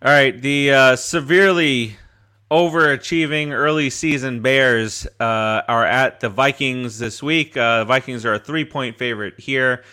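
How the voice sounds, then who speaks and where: A man's voice: mid-range voice, a little slow, pushed and bright, clean tone. A man hosting a casual sports podcast, running through picks and teasing his co-hosts. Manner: leads the picks, laughs often, teasing. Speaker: podcast host.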